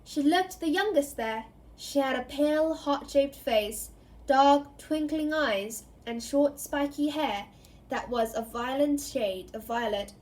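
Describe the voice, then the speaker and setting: A woman reading a novel aloud in an expressive storytelling way, giving each character a voice. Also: sits high, slow. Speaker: reader.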